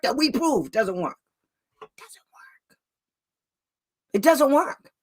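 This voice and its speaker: A woman's voice: high-pitched, a bit bright. A woman special education advocate talking to parents in a blunt, angry rant, raising her voice at times and laughing between outbursts. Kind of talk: heated live talk to parents.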